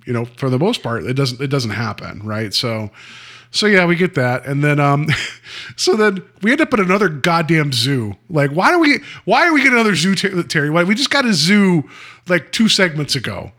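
A man co-hosting a casual podcast, talking in an animated, sarcastic way and laughing often. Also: a little high, normal speed. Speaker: podcast co-host.

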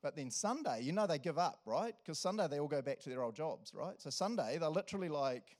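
Lively New Zealand pastor, jokey. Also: male voice, a little high, fairly quick. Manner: jokey, energetic, chatty with frequent asides to the congregation. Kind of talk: casual conversational sermon. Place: church service.

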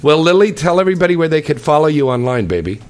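Male radio host, flirtatious, teasing, animated swings in pitch. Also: fast, a little hiss or hum. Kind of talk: casual adult radio interview.

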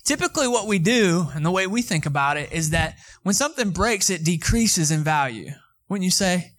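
A male pastor, preaching a conversational sermon and telling a story with lively asides to the congregation. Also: sits high, moderate pace.

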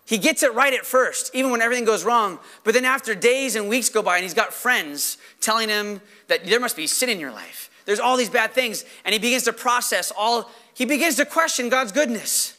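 A man preaching a sermon as pastor, animated, firing rhetorical questions and acting out quoted voices. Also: very high-pitched, brisk, few pauses.

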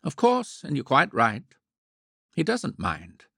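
A man's voice: a little high, huge pitch swings, takes it slowly, gravelly, sharp tone, breathy edge, dry recording, clean studio sound, voice pushed up, exaggerated voice. A man playing an earnest young painter who mocks himself with wry solemnity in a read story. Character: earnest young male painter, wryly self-mocking.

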